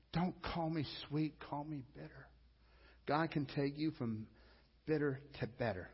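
A man's voice: medium pitch, slightly rough. Man preaching in a reverberant church. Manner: emphatic preaching, rising to loud appeals. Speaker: pastor. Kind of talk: sermon. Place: church sanctuary. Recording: dull audio with long church reverb.

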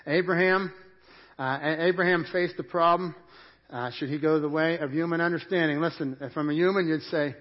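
A man delivering a church sermon in a fairly high voice, rising to loud emphatic peaks and dropping to hushed, intense stretches. The recording is muffled and lo-fi. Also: fairly quick. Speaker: pastor. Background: church congregation.

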